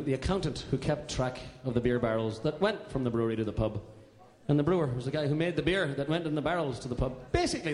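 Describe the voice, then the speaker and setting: A man on stage briskly explaining a drinking song and leading the audience in singing it. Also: medium pitch, a little mellow. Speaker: singer leading a pub song. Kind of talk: live song introduction and singalong. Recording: echoey hall.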